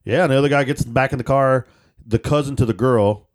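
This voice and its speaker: A man, co-hosting a podcast, telling joking rideshare stories with sudden excited outbursts. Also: medium pitch, a little fast. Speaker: podcast co-host. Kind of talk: casual storytelling chat.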